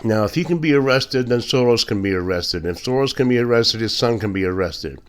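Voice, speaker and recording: A man's voice: medium pitch, expressive, fairly quick. A man delivering a blunt, indignant opinion monologue as a podcast host, with sarcastic asides. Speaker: political commentator.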